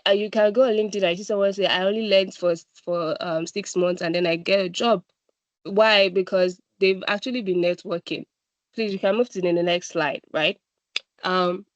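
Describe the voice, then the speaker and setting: A woman's voice: medium pitch, no echo, muffled recording. A woman with a Nigerian accent giving an encouraging presentation talk as a guest speaker, often checking in with "right?". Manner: encouraging, repeats "right?" and "I'm telling you". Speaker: guest speaker at a data analytics boot camp.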